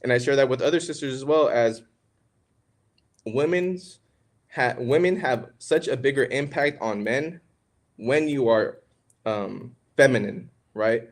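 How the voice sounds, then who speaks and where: Young male podcast co-host, mid-pitched, casual preachy teaching tone. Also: unhurried. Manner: conversational, preachy, calls listeners "man" and "bro". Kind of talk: casual religious teaching talk.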